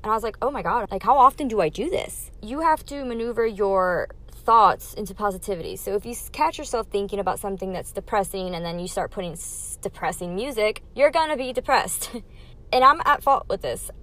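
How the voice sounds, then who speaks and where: A woman's voice: medium pitch, animated, a little fast, fairly bright tone. A young adult woman hosting her own podcast, talking candidly through a numbered list of life lessons in a casual, emphatic way. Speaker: podcast host.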